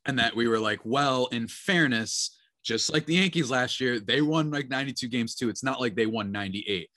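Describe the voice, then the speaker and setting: A man co-hosting a sports podcast, talking in an animated, excitable way and laughing easily. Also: mid-range voice, moderate pace, dry recording, clean studio sound. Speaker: podcast co-host. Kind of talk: casual sports podcast chat.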